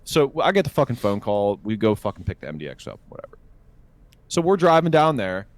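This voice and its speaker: A man's voice: on the low side, fairly quick, dry recording. A young man telling a long story on a casual podcast, swearing freely and acting out what people said. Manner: animated, profane, acts out quotes. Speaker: podcast co-host.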